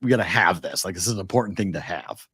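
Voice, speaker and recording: Animated, fast-talking man, dry sound. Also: low-pitched, husky, no room sound. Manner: animated storyteller, acts out quotes, swears. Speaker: co-host. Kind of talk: casual podcast chat.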